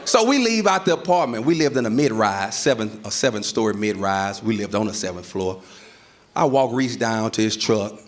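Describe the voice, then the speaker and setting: Animated male stand-up comedian. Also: fairly low pitch, moderate pace, some chatter behind. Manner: animated, acts out voices and sounds. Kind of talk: stand-up storytelling. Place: comedy stage before a live audience. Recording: live stage recording with audience laughter.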